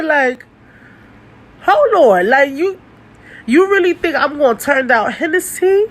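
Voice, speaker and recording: In a casual vlog, a young woman with a high, expressive voice tells a storytime about her dating life at a slow pace. She's blunt and animated, swears, and laughs a lot, and the recording is rough.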